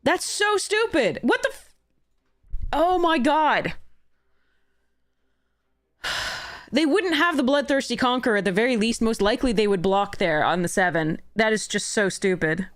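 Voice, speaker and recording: A woman's voice: a little high, normal speed, long pauses, no echo, studio quality. A woman streaming a card game, talking casually to her chat, exasperated and swearing freely as she rants at the game. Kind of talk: casual livestream commentary while gaming.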